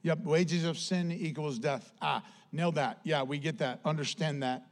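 A man preaching a sermon as pastor, emphatic and repetitive, swinging between loud declarations and hushed, earnest passages. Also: fairly high pitch, steady tone, measured pace. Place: church.

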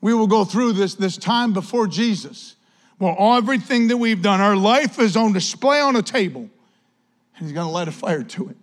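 A man's voice: high voice, expressive, normal speed, in a large hall. A male pastor preaching a sermon, impassioned, with repetition and rising exclamations.

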